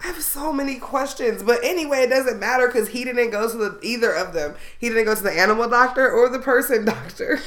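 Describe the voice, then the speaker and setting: Woman podcast host, bright crisp voice, loose chatty delivery full of laughs and swearing. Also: fairly high pitch, fairly quick. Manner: rambling, laughs often, swears freely. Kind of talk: casual comedic chat.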